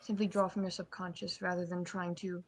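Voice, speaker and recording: A woman's voice: lowish voice, flat delivery, fairly quick, slight background noise, natural voice. Woman playing a courteous, formal doctor. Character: polite, formal female doctor questioning a patient. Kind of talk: in-character tabletop role-play.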